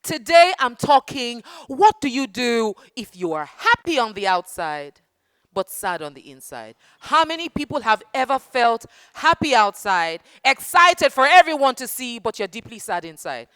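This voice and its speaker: Warm-hearted woman speaker for kids: high, very expressive, close dry mic. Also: moderate pace, smooth, dry recording. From Nigeria. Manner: animated, calls children darling and baby. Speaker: children's book festival speaker. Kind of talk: interactive talk to children. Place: festival hall with young audience.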